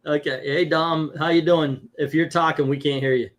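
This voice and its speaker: A middle-aged man hosting a casual online podcast, his voice sitting a little high. He jokes, rambles and cuts himself off, talking over a video call. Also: steady tone, moderate pace. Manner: joking, rambling, self-interrupting. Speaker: host.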